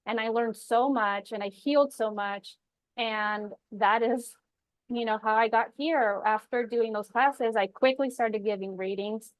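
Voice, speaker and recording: A young woman hosting a webinar, telling her personal story in a chatty, animated way. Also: on the high side, unhurried, no echo. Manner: chatty and animated, acts out quoted voices. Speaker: intuitive healer hosting a webinar.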